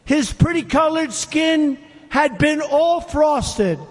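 At a rally, a man with a very high-pitched voice speaks slowly as he reads a poem aloud, using emphatic, repeated phrases and posing questions to the crowd. A big hall's long reverb surrounds him.

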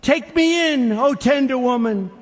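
A man's voice: very high-pitched, unhurried. A man voicing a vicious, sly male snake with a singsong pleading refrain, heard with a long hall echo. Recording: long reverb of big hall.

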